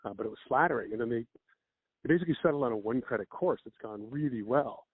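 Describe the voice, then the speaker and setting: Husky man telling improv stories. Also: mid-range voice, dry recording. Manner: animated storyteller with quick acted-out quotes. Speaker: guest, improv comedian and teacher. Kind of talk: casual storytelling chat. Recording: dry, phone-like narrow sound.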